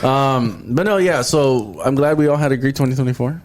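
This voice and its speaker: A man's voice: mid-range voice, brisk, darkish tone. A young man hosting a casual podcast, joking and swearing, calling everyone bro. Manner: laid-back, joking, swearing, says bro a lot. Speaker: podcast host. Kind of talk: casual chat. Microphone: podcast mic.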